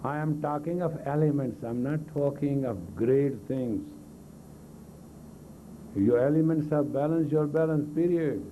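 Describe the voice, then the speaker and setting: A fairly high-pitched man, unhurried, runs a live group exercise class as a meditation teacher. He coaxes and commands bluntly in non-native English grammar, and the tinny lo-fi 1980s recording of the talk carries a little hiss or hum.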